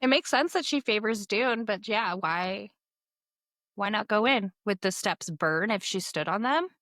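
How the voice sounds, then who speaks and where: A woman's voice: mid-range voice, lively intonation, unhurried, a bit bright, no room sound. A woman co-hosting a casual book-club podcast, giggly and self-deprecating, often stumbling over words. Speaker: podcast co-host.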